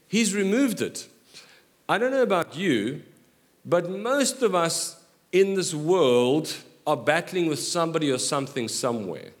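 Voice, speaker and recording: A middle-aged male pastor delivers a sermon in a voice a bit higher than most men's. He is animated, tossing quick joking asides to the congregation and moving between earnest points and laughter.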